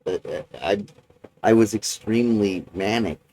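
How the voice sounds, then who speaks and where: A man recording a personal video journal, talking in a halting, rambling way with many restarts and fillers. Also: on the low side, darkish tone, rough recording.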